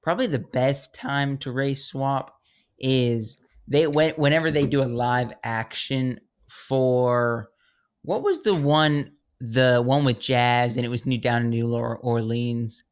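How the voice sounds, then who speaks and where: A man's voice: medium pitch, slow, clear, resonant tone. A man co-hosting a podcast, rambling and chuckling in a casual chat. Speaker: podcast co-host.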